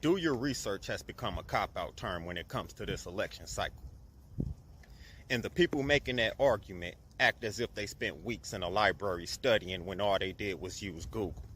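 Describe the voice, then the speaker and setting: A man giving measured, critical commentary in a pointed monologue. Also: on the low side, fairly bright tone, slight background noise.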